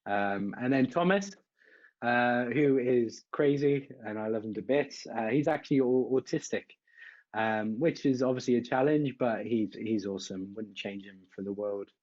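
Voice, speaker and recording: Casting: thirties man, West Country English accent, relaxed guest on a call, mid pitch, lo-fi sound. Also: normal speed. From Southwest England. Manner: chatty, laughs often, trails off with ums. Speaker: guest drummer. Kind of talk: casual video call chat.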